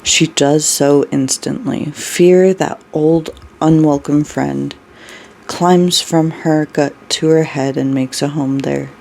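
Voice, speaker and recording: A storyteller reading a dark story aloud, unhurried, with brief personal asides. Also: medium pitch, fairly even intonation, gravelly, poor audio.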